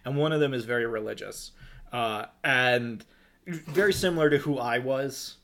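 Brief: male podcast co-host, bright and sharp tone, loose casual storyteller. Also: mid-range voice, moderate pace, a little hiss or hum. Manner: casual, swears, laughs easily. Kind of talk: casual chat.

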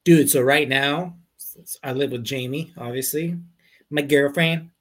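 A man co-hosting a podcast in relaxed casual chat, swearing and laughing often. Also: medium pitch, a little slow. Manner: laid-back, swears freely, laughs. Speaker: podcast co-host.

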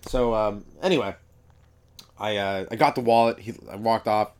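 A man's voice: lowish voice, moderate pace. A man, a comedian hosting his own podcast, rambling through profane stories in a casual monologue. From Canada.

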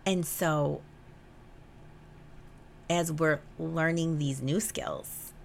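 Brief: young woman host, lowish voice, emotional confessional monologue, salty language, faint background hum. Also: drawn-out words, gravelly. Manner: emotional, swears freely, animated retelling. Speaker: podcast host. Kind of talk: candid personal podcast monologue.

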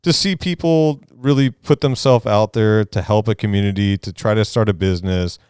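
A man's voice: on the low side, moderate pace, darkish tone, clean tone, no echo, clean studio sound. A middle-aged man, telling stories as a podcast guest in a loose, rambling way. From Southern California. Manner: laid-back, rambling, laughs through stories. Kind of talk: casual storytelling.

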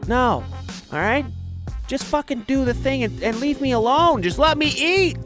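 A man's voice: extremely high pitch, lively intonation, normal speed, a bit bright, soft background music. A young man hosting a podcast, ranting in a profane, exasperated comedic way and mimicking the people he complains about. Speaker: podcast host. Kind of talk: comedic rant.

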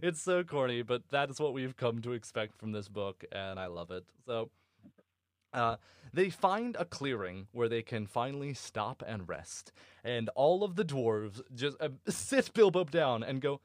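Lively, expressive podcast host guy. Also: medium pitch, unhurried, dry recording, studio quality. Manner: animated, profane, laughs often. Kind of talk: casual book discussion podcast.

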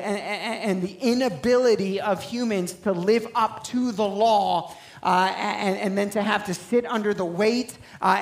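Pastor in his 30s, man, high-pitched, chatty sermon delivery with restarts, recorded in an echoing church. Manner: conversational, self-interrupting preaching with asides. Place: church sanctuary.

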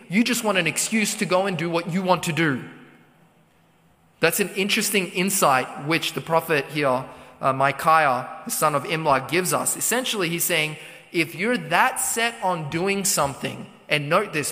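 A man's voice: on the high side, sharp tone. A man preaching a Bible teaching sermon, retelling the story conversationally, paraphrasing and asking rhetorical questions. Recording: long hall reverb.

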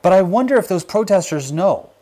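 A man hosting a livestream, talking with fervent emphasis and sinking to a hushed intensity on his gravest points. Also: high voice, animated, fairly quick. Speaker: livestream host. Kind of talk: impassioned livestream commentary.

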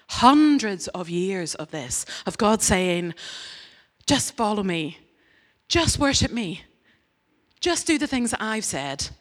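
A woman giving a lively, humorous sermon, acting out quoted voices with big leaps up in pitch. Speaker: preacher. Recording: long hall reverb.

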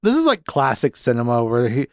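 A man's voice: medium pitch, huge pitch swings, a little fast, a little mellow, no room sound, clean studio sound. A man hosting a podcast, chatting casually about a film and retelling its scenes with quoted lines and frequent laughs. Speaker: podcast host. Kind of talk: casual movie discussion.

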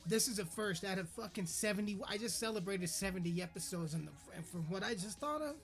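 Over faint background music, a male podcast host closes his show with a heated, profane rant, stammering as he goes. He's furious, and his high voice comes out quick and a bit bright.

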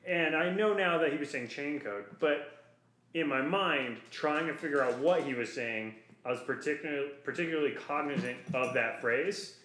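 A man co-hosting a podcast in casual chat, animated and playful, going off on rambling asides. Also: a little high, moderate pace, a little hiss or hum. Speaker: podcast co-host. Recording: roomy echo. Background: dog heard at times.

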